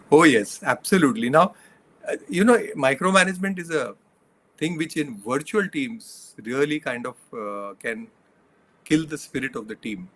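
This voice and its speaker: A man's voice: medium pitch, lively intonation, normal speed, a bit bright. A middle-aged man, a leadership coach, giving earnest interview answers that he builds from examples and numbered points.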